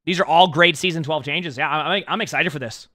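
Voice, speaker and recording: A man's voice: on the high side, a little fast, sharp tone. A young man streaming a game, chatting upbeat to his viewers while losing his voice from too little sleep. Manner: chatty, upbeat, talks to chat between games. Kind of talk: casual live-stream chat.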